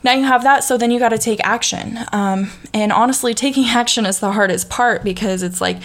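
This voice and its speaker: A woman's voice: a little high, fairly quick. Southern woman host, young, casual motivational chat, lots of "you know", restarts. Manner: chatty, frequent fillers and restarts, laughs easily. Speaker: podcast host.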